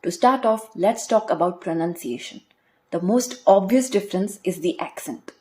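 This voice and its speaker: Mellow-voiced woman hosting a podcast. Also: medium pitch, normal speed. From India. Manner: clear, explanatory, spells words letter by letter. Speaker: podcast host. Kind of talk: scripted educational podcast.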